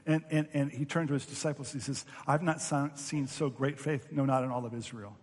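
A man's voice: mid-range voice, steady tone, fairly quick, few pauses, a little mellow, slightly rough, in a large hall. A man preaching a sermon as pastor, telling stories animatedly and acting out voices.

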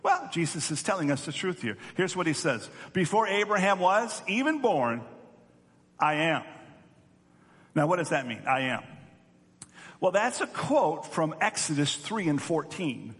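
Male pastor, earnest teaching sermon, slightly raised pitch, long hall echo. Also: sing-song, normal speed, a bit bright. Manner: earnest teaching, repeating words on restarts.

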